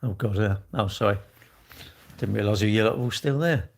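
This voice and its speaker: Bloke, live-stream host, blunt and rambling, cheeky asides to chat. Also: male voice, fairly low pitch, moderate pace, vocal fry.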